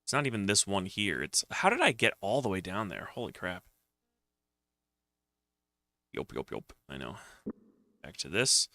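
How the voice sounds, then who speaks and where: A man's voice: sits low, very animated, moderate pace, pushed and bright, no echo. A man streaming a retro computer game, muttering to himself in casual commentary as he plays. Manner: muttering to himself while playing. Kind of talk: casual let's-play commentary.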